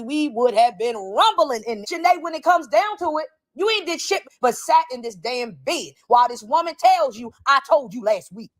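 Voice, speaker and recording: A woman hosting a reaction commentary, talking bluntly and profanely. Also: sits high. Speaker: commentary host.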